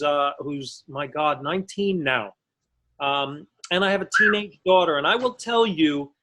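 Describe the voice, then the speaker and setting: Man, forties, stand-up comedian, fairly high voice, self-mocking storytelling, video call. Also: a bit bright, poor audio.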